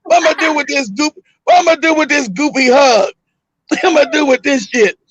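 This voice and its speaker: A man's voice: very high-pitched, moderate pace, fairly bright tone, dry recording, low-quality recording. A middle-aged man, telling a story casually, laughing a lot, swearing, and raising his voice at the punchlines. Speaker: host.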